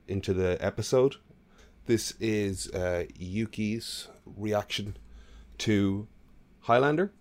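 A man's voice: fairly low pitch, darkish tone. A man hosting a podcast in a casual way, moving the show along. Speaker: podcast host.

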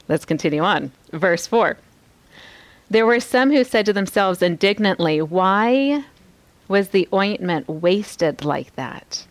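A woman giving a devotional Bible teaching, asking her listeners reflective questions and dropping to soft, quiet tones on key lines. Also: mid-range voice, no echo.

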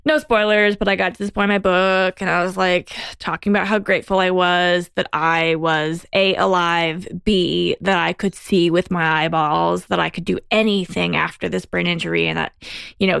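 A woman's voice: lowish voice, vocal fry, clear, resonant tone, no room sound. A woman guest on a podcast, candidly telling a personal story in casual conversation. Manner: candid storytelling, animated when quoting herself.

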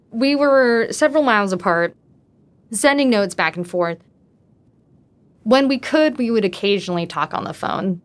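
A woman casually telling her own true story, talking in a loose way with frequent "like" fillers. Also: mid-range voice.

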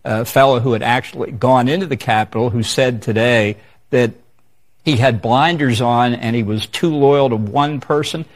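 A man answering questions in a televised interview, speaking in a measured, assertive, argumentative way. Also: mid-range voice. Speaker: interview guest.

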